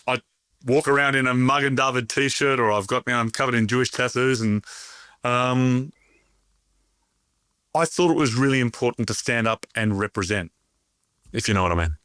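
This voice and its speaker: A middle-aged man in casual conversation, bright and forward in tone, his pitch sitting mid-range. He tells stories in a chatty, animated way, stumbling over restarts. The sound is close and dry. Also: normal speed, long pauses, smooth, dry recording. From Australia. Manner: chatty, animated storyteller with frequent laughs and restarts. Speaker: interview guest, bakery owner. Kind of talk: conversational interview.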